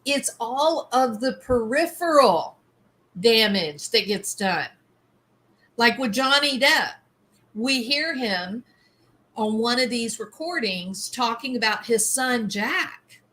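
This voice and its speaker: A woman's voice: on the high side, expressive, slow, sharp tone. A woman giving emphatic commentary, sometimes acting out quoted lines.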